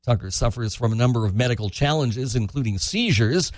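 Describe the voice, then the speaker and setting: Male radio newsreader, dry studio read, steady mid-pitched voice, brisk scripted delivery. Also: no room sound. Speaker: news anchor. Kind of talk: scripted news reading.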